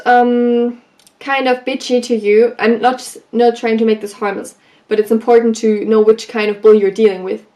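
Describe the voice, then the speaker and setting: A woman vlogger giving advice in a casual, animated way, telling stories from her school days and acting out what people said. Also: a little high. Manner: animated, acts out quoted lines. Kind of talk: casual storytelling advice vlog.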